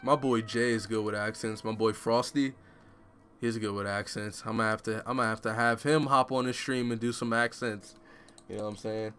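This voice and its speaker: A man's voice: on the low side, fairly bright tone, clear, resonant tone. A man commentating a live game stream, joking and self-mocking in casual street slang. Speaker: gaming streamer.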